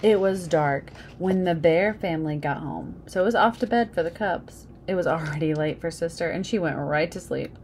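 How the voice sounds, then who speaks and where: A woman's voice: fairly low pitch, normal speed, hardly any pauses, a little mellow, slight background noise. A woman reading a children's picture book aloud, adding casual asides about the pictures. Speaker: storybook reader.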